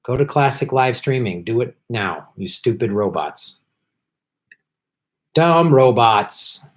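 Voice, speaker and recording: A man hosting a casual live stream, chatting with viewers, clearing his throat often and swearing in frustrated outbursts at the tech. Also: mid-range voice, lively intonation, normal speed. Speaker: political comedian and live stream host.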